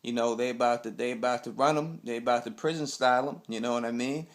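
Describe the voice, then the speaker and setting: A man's voice: medium pitch, fast talker. New guy, young, recapping a show off the cuff; loose, slangy, rambling delivery in a mid-range voice. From Queens, New York. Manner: slangy, rambling, blunt street talk. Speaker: TV recap host. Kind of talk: casual TV episode recap.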